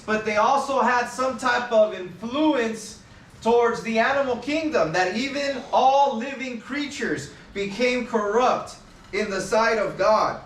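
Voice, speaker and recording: A man's voice: extremely high pitch, a bit bright, a little hiss or hum. A man preaching in the open air, reading scripture aloud and stressing its key words with emphasis. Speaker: street preacher. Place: outdoors. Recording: echoey, distant mic, faint ambience.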